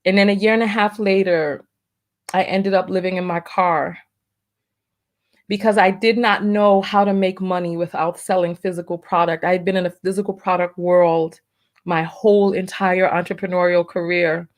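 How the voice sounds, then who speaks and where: A woman's voice: on the low side, little pitch movement, normal speed. A middle-aged woman vlogger talking emotionally about her past business and her book, fighting back tears and repeating herself. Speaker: vlogger and entrepreneur. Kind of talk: emotional personal vlog.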